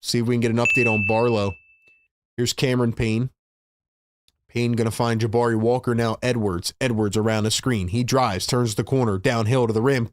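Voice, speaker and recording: Excitable man calling a game live. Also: medium pitch, normal speed, no room sound, studio quality. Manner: excitable, frustrated fan talk with slang. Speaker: livestream host doing fan play-by-play. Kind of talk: casual live-stream play-by-play and fan reaction.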